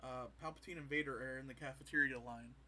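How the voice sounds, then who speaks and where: A man in casual podcast chat, retelling comedy scenes and slipping into quick voices, often laughing. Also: medium pitch, steady tone, bright, forceful tone, slight background noise.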